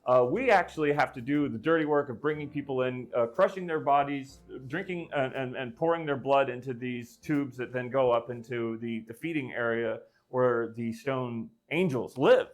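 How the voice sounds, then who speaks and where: A man's voice: mid-range voice, normal speed, hardly any pauses. A man improvising a gruesome comic story on a live stream, rambling with many fillers and restarts.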